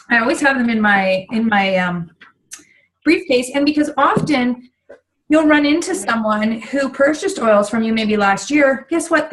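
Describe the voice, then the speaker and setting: A woman's voice: fairly high pitch, a bit bright, low-quality recording. A middle-aged woman giving a casual training talk on sharing a home business, chatty and full of fillers and asides. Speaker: essential oils business trainer.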